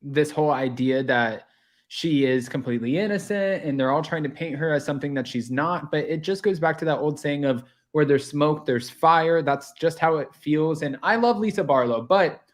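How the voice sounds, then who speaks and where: A man's voice: a little high, moderate pace. A man chatting as a guest, sharing reasoned opinions on a reality show. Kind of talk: casual chat.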